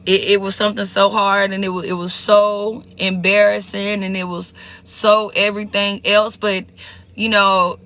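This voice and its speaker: Male live-streamer, high and bright with a gravelly edge, emotional and repetitive, chatting directly to viewers. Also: level tone, moderate pace. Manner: emotional, repeats words, greets viewers by name.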